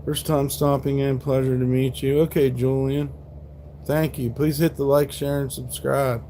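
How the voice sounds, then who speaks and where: A man's voice: mid-range voice, flat delivery, a little slow, mellow, a little hiss or hum. A man in his forties, live streaming and arguing with trolls in chat, combative and full of profanity. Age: 40s.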